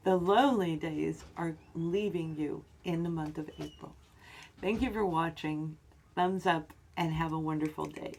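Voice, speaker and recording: A middle-aged woman with a somewhat low voice gives a tarot reading straight to her viewers. She sounds upbeat and encouraging, leaning on words for emphasis with the occasional filler. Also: unhurried, a little mellow, slight background noise. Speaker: tarot reader.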